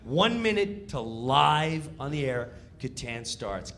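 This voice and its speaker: Casting: middle-aged comedian, bright, lively storytelling voice, loud and animated. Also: male voice, medium pitch, takes it slowly, slight background noise. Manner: animated, loud, acting out scenes. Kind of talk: stand-up storytelling.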